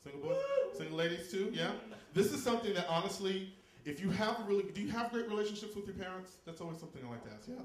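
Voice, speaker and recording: A man from Texas doing stand-up comedy in a live venue, campy and loud, jumping into shrieking high squeals for punchlines. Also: very animated, fast, hardly any pauses, echoey room.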